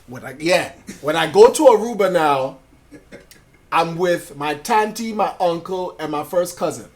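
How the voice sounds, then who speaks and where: A man's voice: fairly high pitch, measured pace. A man, telling his life story as a guest in a casual interview, swearing freely and acting out other people's voices. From Brooklyn, New York. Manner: animated storyteller, acts out voices of family and police; swears freely, street slang.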